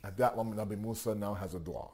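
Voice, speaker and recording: A man telling a religious story in a sermon, animated, asking rhetorical questions and often restarting his sentences. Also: lowish voice, fast, breathy edge. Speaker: religious teacher.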